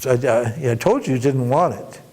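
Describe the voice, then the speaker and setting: A man voicing an older male guru who scolds a pupil, exasperated and raised in pitch. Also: animated, normal speed, darkish tone. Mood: scolding.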